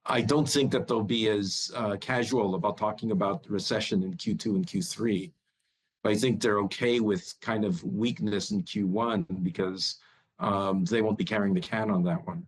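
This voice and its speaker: A man's voice: fairly low pitch, animated, moderate pace, husky, rough recording. A man speaking as a bank strategist guest in a news interview, often repeating words as he starts a thought.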